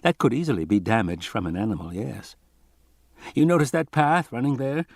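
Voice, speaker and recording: A man doing a calm, detached mathematician. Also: medium pitch, gravelly, no room sound, studio quality. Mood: measured. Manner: measured, quiet and explanatory.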